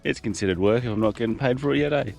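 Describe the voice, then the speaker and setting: A man in his thirties with an Australian accent, chatting casually in a travel vlog, relaxed and laughing often. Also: mid-range voice, rapid-fire, vocal fry. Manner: laid-back, laughs often, storytelling. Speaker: vlogger. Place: outdoors, coast and van. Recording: music playing over the voice.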